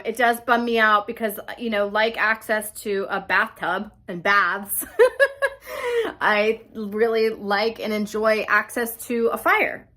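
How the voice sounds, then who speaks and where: A young adult woman with a slightly high, fairly bright voice vlogs indoors in an old house that's being renovated. She's chatty and rambling, drifting off on tangents and filling her speech with "like."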